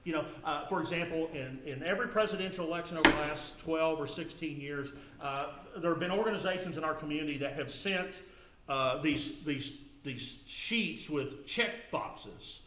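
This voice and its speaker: A middle-aged man preaches a sermon in an earnest, chatty way and often repeats himself. His voice sits a little high. The sound carries the echo of a church sanctuary. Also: normal speed, a bit bright, a little hiss or hum. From United States. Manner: earnest, conversational preaching with repetitions. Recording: echoey church room.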